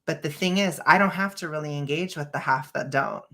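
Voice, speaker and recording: A woman's voice: low-pitched, fairly quick, a bit bright. A woman hosting a casual reaction stream over a video call, blunt and opinionated, often breaking into laughs. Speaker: stream host.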